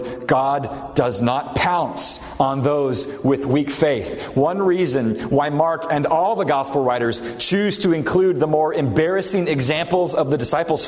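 A man's voice: fairly high pitch, a little mellow. A man preaching a sermon as a pastor, earnest and building to impassioned emphasis. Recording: long hall reverb.

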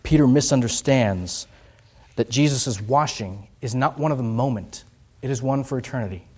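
A male pastor preaching a sermon, rising for stress and dropping low and soft. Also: moderate pace.

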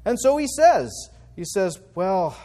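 Male Bible teacher, high voice, conversational, quick rhetorical questions. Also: lively intonation, darkish tone.

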